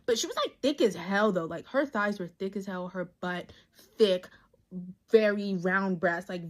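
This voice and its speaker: Young woman ranting casually, voice jumps way up for emphasis. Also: medium pitch. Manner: animated, swooping, emphatic storytelling. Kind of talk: commentary vlog.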